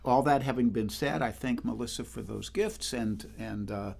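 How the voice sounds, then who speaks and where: With music playing underneath, the older man continues his home livestream concert, chatting loosely and greeting viewers by name. His medium-pitched voice is creaky and moves at a normal speed, captured by a livestream microphone.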